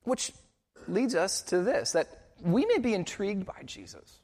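A man pastor preaching a sermon with earnest intensity, dropping quiet and rising for emphasis. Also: high-pitched, very animated, measured pace, husky, in a large hall.

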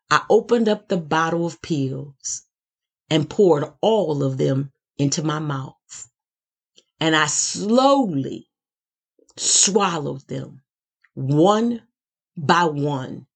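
A middle-aged woman minister giving a personal testimony, slow and dramatic, building emphasis through repetition. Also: sits low, creaky, slightly rough.

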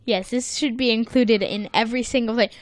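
A woman's voice: on the high side, fairly even intonation, brisk, no room sound, studio quality, soft background music. An American woman co-hosting a podcast, recapping a cartoon episode in casual chat and playfully acting out the characters. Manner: playful, acts out characters in quotes. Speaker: podcast co-host.

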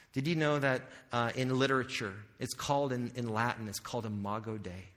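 A man's voice: medium pitch, steady tone, brisk, hardly any pauses, a bit bright. A male pastor preaching a sermon in a conversational way, asking the audience questions and making joking asides. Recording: long hall reverb.

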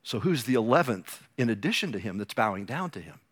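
A male pastor preaching a sermon, telling the story with animated drama and joking asides. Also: medium pitch, a little fast, husky.

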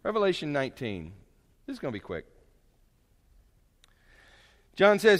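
A male pastor giving a sermon in a folksy, joking way, then reading scripture loudly and with emphasis. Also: on the high side, wildly swooping pitch, unhurried, pauses often. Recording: long hall reverb.

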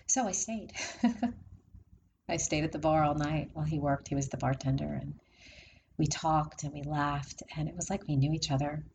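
A woman's voice: sits low, a little mellow, slight background noise. A middle-aged woman telling a heartfelt personal story in a chatty way, laughing often between lines. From from Maryland area.

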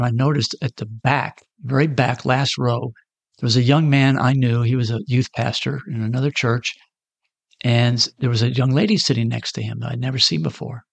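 Gravelly man telling a sermon story. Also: medium pitch, no room sound. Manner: conversational, acts out quoted voices. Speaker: preacher.

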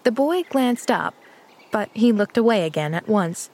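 A woman narrating a children's classic as an audiobook, with gentle, measured storytelling. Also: fairly high pitch, animated.

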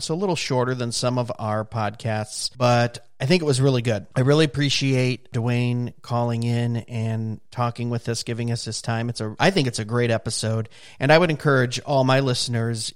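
A man's voice: medium pitch, smooth, no echo, clean studio sound. Chatty man hosting a podcast. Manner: loose and chatty, with filler words and asides. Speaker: podcast host. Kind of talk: casual podcast introduction.

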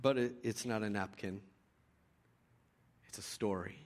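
A man pastor giving a sermon in a relaxed storytelling way, with frequent restarts. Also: fairly low pitch, measured pace.

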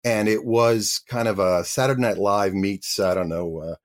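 A man's voice: on the low side, steady tone, normal speed. A man, a guest actor, telling his career story in a chatty interview with frequent restarts. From Canada.

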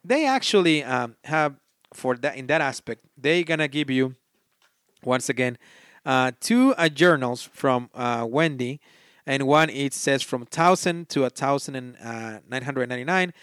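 A man's voice: medium pitch, lively intonation, unhurried, a bit bright, clear, resonant tone, no echo, studio quality. A man with a non-native English accent hosting a solo board game podcast. He chats casually and reads game text aloud, often stopping to restart a phrase. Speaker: podcast host.

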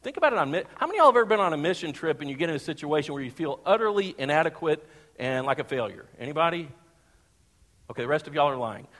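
A man's voice: fairly high pitch, fast. A man preaching a sermon to his congregation, asking them pointed questions. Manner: animated, rhetorical questions to the congregation. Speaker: pastor. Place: church sanctuary. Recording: long hall reverb.

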